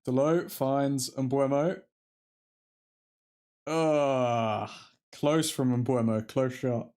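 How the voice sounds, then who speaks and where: Drawing out his words in a steady, slightly mellow mid-range voice, a man hosts a live football watchalong. He reacts to the match as it plays out and chats with his viewers in a stream of commentary and fan talk.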